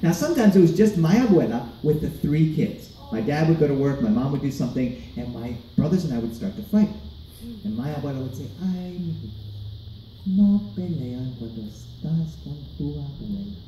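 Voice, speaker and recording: A man telling a personal story to children at a live event, animated and asking the audience questions. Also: a little high, fast. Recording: roomy, distant mic, light background noise.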